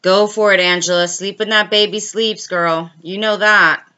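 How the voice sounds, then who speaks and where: Woman host, bright forward voice, lo-fi stream audio, relaxed story-time chat with viewers. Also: mid-range voice, moderate pace, clear, resonant tone. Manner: chatty, answers viewer comments mid-story.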